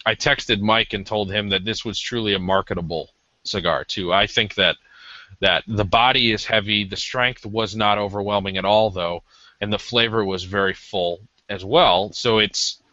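Male podcast co-host, lower-pitched and bright, hesitant casual review, lo-fi sound. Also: fairly even intonation, normal speed, no echo. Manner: rambling, hesitant with many ums. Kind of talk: casual cigar review chat. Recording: dull lo-fi audio.

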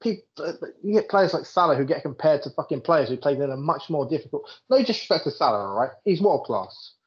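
Lively British man, lo-fi sound. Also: on the high side, fairly quick. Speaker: podcast co-host. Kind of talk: casual chat about football. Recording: dull lo-fi recording.

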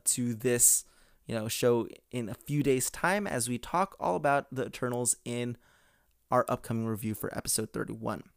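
A man's voice: medium pitch, clear, resonant tone, dry recording, clean studio sound. A man hosting a podcast in a casual, rambling way, with many "uh"s and restarts, into a podcast microphone. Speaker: podcast host. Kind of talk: casual chat.

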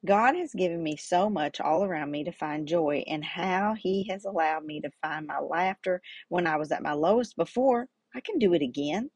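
A middle-aged woman tells a personal story on her own podcast, earnest and lively as she weaves in her faith. Her voice sits fairly low and comes across husky, recorded close and dry with no room sound. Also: normal speed, hardly any pauses, no room sound. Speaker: podcast host.

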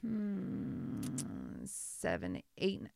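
A woman hairstylist telling her story in a casual interview, animated and acting out what people said. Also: mid-range voice, very slow, creaky, no room sound, clean studio sound. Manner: animated, acts out quotes, laughs often. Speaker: guest, hairstylist.

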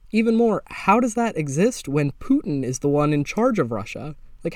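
A young man hosting a podcast, telling a story in a loose, improvised way, sarcastic and casually swearing, with sudden jumps in pitch for emphasis. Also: dry recording, clean studio sound. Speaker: podcast host.

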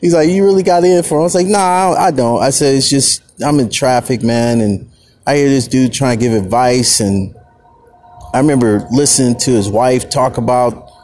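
A man hosting his own podcast, telling stories in a casual solo monologue, swinging between low mutters and heated outbursts. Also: moderate pace, darkish tone. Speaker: podcast host.

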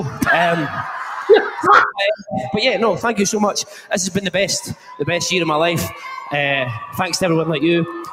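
Young Scottish man, high voice, stumbling through an acceptance speech; broadcast clip with noisy crowd behind. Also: pushed and bright. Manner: halting, stammering, chuckling between phrases. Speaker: award winner giving a speech. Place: award show stage.

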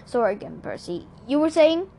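A woman reading aloud and voicing a calm, easygoing male god disguised as a jogger, speaking in a relaxed, breezy way. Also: high-pitched, brisk, gravelly, slight background noise, exaggerated voice.

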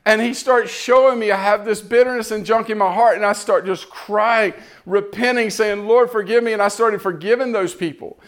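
High-pitched guy preaching his testimony, earnest and repetitive, really pouring it out. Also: steady tone, moderate pace, hardly any pauses, a bit bright. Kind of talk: emotional testimony sermon.

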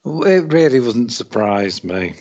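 A laid-back man from Britain co-hosts a podcast, laughing a lot as he chats. He talks at an unhurried, slow pace and drops casual British slang. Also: medium pitch, lively intonation, darkish tone, dull audio. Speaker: podcast co-host. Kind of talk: casual chat.

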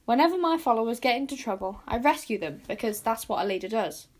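A woman's voice: a little high, animated, fast talker. Boy wizard, cocky and reckless, eager and bossy, read by a woman. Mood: confident. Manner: eager, bossy, self-assured. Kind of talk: storybook reading.

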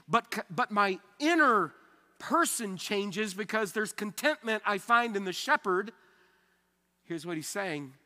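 A man pastor delivers a sermon in a bright, forceful voice with a slightly high pitch. He talks in a conversational way, swelling loud on key points and sinking to near hushes. His voice rings through a large church sanctuary with a long reverb. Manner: conversational preaching, swells loud then drops soft.

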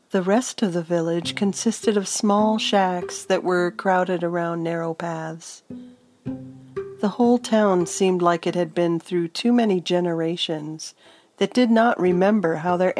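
Audiobook narrator, woman, calm measured storytelling, lowish voice, very slow pace. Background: soft instrumental music.

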